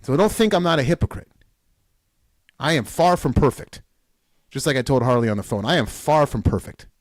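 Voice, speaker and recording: A man hosting a podcast, giving a fired-up motivational talk, piling up repeated calls in loud bursts. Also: medium pitch, expressive, brisk, no echo, clean studio sound. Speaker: podcast host. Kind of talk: solo podcast pep talk.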